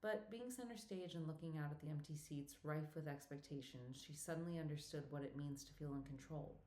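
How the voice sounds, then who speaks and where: Low-voiced woman reading an audiobook. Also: a little fast, a little mellow, slight background noise. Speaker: audiobook narrator. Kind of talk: scripted audiobook narration. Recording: echoey room.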